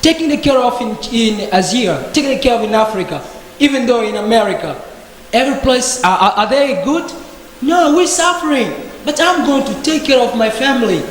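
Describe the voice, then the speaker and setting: A man's voice: very high-pitched, expressive, normal speed. Indignant man in an echoey hall. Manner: indignant, emphatic, repeats rhetorical questions. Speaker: debate participant. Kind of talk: impassioned speech in a discussion group. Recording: very echoey hall with faint background noise.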